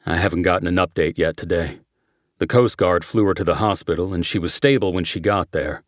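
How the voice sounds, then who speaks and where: A calm, terse sheriff's deputy, read by a male narrator in a very deep voice. His lines are short and measured, recorded dry and close. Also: no echo, natural voice.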